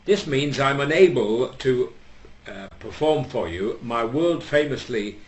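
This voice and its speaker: A man from England telling a joke on stage in a dry, rambling way with hesitations. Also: mid-range voice. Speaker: stand-up comedian. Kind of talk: live stand-up storytelling. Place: small venue with audience. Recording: echoey room, faint ambience.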